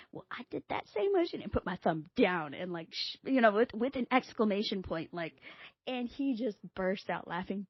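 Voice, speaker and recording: Animated woman telling a story. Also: husky, dry recording, lo-fi sound. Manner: animated, acts out quoted dialogue with big pitch jumps. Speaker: podcast host. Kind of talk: casual storytelling.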